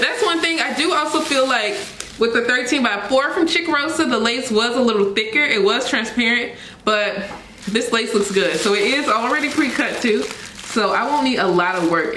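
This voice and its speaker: A young woman, excitedly unboxing and reviewing a wig, repeating herself and laughing often. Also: a little high, roomy sound, slight background noise. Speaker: beauty vlogger reviewing a wig.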